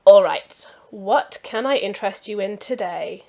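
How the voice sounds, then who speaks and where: A woman's voice: mid-range voice, normal speed, close to an everyday voice. A woman voicing a busy, flirty stable master who talks in a breezy, teasing way.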